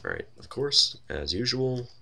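A man's voice: mid-range voice, huge pitch swings, measured pace, creaky, pushed and bright. A man giving wry, casual commentary while playing a computer role-playing game, thinking aloud with many fillers. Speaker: let's play host.

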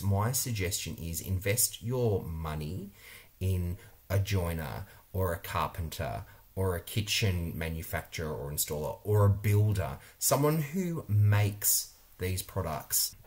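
A middle-aged Australian man with a deep, low voice, reviewing products for a vlog. He talks bluntly and emphatically, repeating his points to drive them home. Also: a little mellow. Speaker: interior designer.

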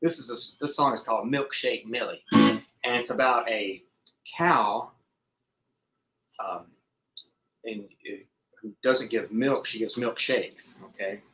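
A man's voice: medium pitch, slow, long pauses. A middle-aged man with a slightly scratchy throat, chatting playfully with children between sing-along songs. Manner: chatty and playful, sings with guitar and harmonica. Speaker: children's musician. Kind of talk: sing-along music for kids. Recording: loud guitar backing.

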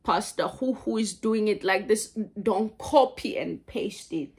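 A woman preaching a sermon, halting and repeating words as she goes. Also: mid-range voice, darkish tone, husky.

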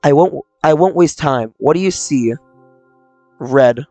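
A man's voice: on the high side, takes it slowly, dark tone, no echo. A man reading aloud the lines of a troubled young person with mental illness from a visual novel, in a subdued, confessional way. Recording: dry close mic, faint game music.

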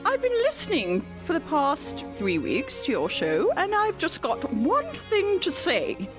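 A man's voice: very high voice, huge pitch swings, a little slow, over music, full character voice. A man doing a giggly old queen. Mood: gushing. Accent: put-on British. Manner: giggly, breaks character, slips into Cockney. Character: the Queen of England, bawdy older woman.

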